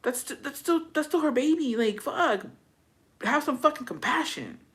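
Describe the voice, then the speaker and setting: A woman reads viewer gossip in a casual, chatty style, with a bright, sharp tone. She reacts loudly and profanely and slips in Spanish words now and then. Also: sits high, lively intonation, normal speed. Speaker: host reading viewer stories.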